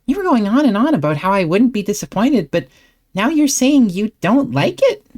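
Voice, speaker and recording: A woman's voice: fairly high pitch, very animated, moderate pace, darkish tone. A woman voicing a cheerful, teasing teen girl. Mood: reasoning. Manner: upbeat, teasing and incredulous. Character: cheerful, easygoing teenage girl. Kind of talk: fan voice-acted comic reading.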